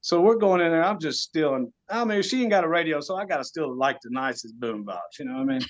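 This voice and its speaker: A man with a drawl tells a story as a podcast guest. His voice sits a bit high, and he drops into slang and chuckles often. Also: fast talker, muffled recording. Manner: animated, laughing storyteller with Southern US slang. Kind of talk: casual storytelling.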